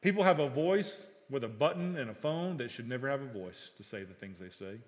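A middle-aged male pastor preaching a sermon, telling stories and acting out dialogue, swinging between loud and hushed. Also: mid-range voice, lively intonation, brisk. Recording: long reverb of a hall.

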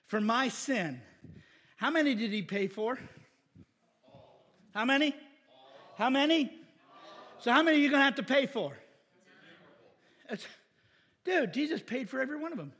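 A man pastor preaching a casual, animated sermon in a church, with shouted bursts. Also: sits high, husky, big-room sound. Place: church sanctuary.

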